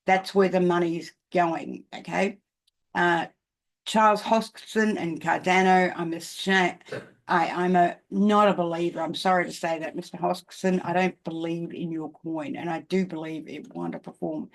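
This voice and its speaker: A woman's voice: lowish voice, steady tone, normal speed. An older woman with an Australian accent, talking casually to camera about markets, emphatic and often checking in with "okay?". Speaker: crypto commentator.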